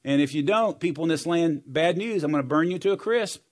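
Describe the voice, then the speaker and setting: A man's voice: a little high, animated, fairly quick, close to an everyday voice. A man voicing a boastful ancient king who threatens his subjects, spoken in a casual, mock-threatening paraphrase within a sermon.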